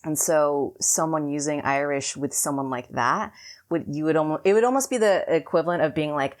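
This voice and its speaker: On a podcast she co-hosts, a young woman from California drifts casually through a long, filler-laden story, speaking in a low voice that runs a little fast.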